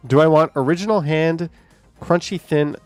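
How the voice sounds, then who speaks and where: A man's voice: fairly high pitch, normal speed, a little mellow, clean tone, dry recording, soft background music. Casual man chatting on a live stream. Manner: rambling, talks to viewers and voice assistants, swears when annoyed.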